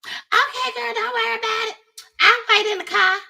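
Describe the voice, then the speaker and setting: A woman's voice: very high-pitched, fairly even intonation, normal speed, vocal fry, bright, forceful tone, pitched above the performer's own voice, full character voice. A woman voicing a sly young female friend who sweetly offers to help. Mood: reassuring.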